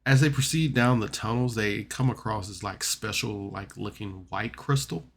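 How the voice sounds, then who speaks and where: A man's voice: lowish voice, normal speed, fairly bright tone. Man rambling through a casual podcast recap. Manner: rambling, chatty, many fillers and restarts. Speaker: podcast reviewer. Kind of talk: casual recap of a tabletop game episode.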